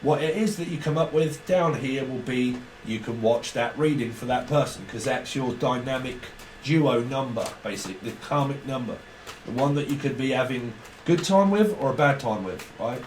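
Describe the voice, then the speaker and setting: A man's voice: medium pitch, animated, normal speed. A man giving a casual, rambling, sweary tarot reading. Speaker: tarot reader. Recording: roomy, distant mic, faint hiss.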